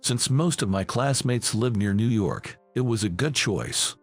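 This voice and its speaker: Male narrator, gravelly and husky, animated pitch, calm measured delivery, soft music underneath. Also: no echo. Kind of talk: first-person story narration. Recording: faint background music.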